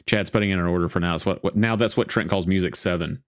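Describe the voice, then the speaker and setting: Male co-host, slightly low voice, loose joking movie-chat delivery. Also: fast, smooth. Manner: rambling, joking storyteller. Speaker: podcast co-host. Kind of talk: casual movie-watch commentary.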